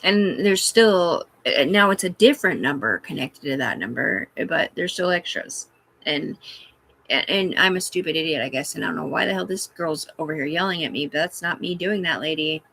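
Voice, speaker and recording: Sex: woman. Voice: gravelly, rambling livestreamer. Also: sits low, expressive, normal speed, fairly bright tone. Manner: rambling, profane, talks back to chat. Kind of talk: rambling live stream chat. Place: her room.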